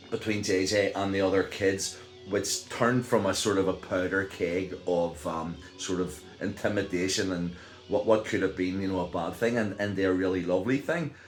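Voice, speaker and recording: Deep-voiced Northern Irish man rambling. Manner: rambling, many fillers and restarts, chuckles while telling. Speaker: vlogger. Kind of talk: casual storytelling. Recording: echoey room.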